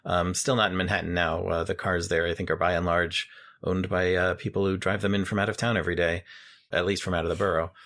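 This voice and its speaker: A very deep-voiced man from New York City talks through a movie with his co-host. He recounts scenes with animated energy and drops into the characters' quoted lines as he goes. It is a relaxed, conversational podcast review. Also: fast talker. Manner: animated retelling with acted-out quotes. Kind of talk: casual film review chat. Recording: home podcast recording in Queens.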